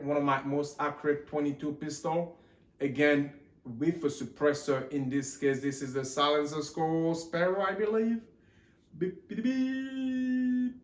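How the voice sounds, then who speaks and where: Male vlog host, a touch high, joking and rambling, fake Texan-Australian drawl, roomy echo. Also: a bit bright. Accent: put-on mixed Texan and Australian. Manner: rambling, joking, loses count. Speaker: gun channel host. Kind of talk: casual show-and-tell vlog. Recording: echoey room.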